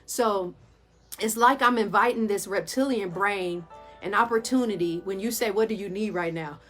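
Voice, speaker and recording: A woman's voice: medium pitch, moderate pace, fairly bright tone, faint music behind. A woman therapist and yoga teacher giving a casual guided mindfulness talk, chatty and laughing often, addressing listeners as "y'all".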